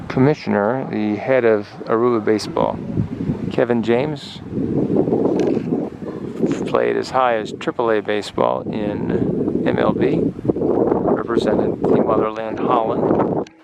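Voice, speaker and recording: A man's voice: mid-range voice, vocal fry. A man giving joking, chatty commentary at a ballpark for his sports travel vlog, filmed outdoors on a handheld camera. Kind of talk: casual play-by-play vlog commentary. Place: outdoor ballpark on a windy day. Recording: dull lo-fi camera audio with loud wind noise.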